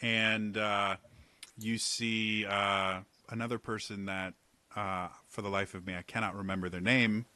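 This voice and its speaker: Slow bright-voiced male game master. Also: fairly low pitch, little pitch movement, no room sound. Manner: rambling, filler-heavy. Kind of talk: narrating a tabletop game.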